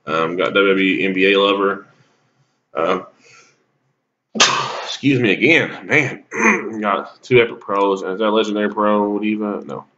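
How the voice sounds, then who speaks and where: A man's voice: fairly low pitch, a little slow, long pauses, bright, forceful tone, dull audio, slight background noise. A man giving rambling, casual commentary on a mobile game, coughing and sneezing with a cold. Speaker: gaming YouTuber.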